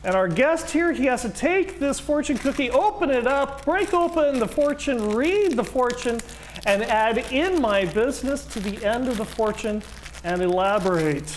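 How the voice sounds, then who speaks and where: A man hosting an interview show, asking questions and setting up a quick game with brisk explanations. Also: extremely high pitch, expressive, slight background noise. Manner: brief affirmations, game-show style setups. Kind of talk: interview host, casual chat.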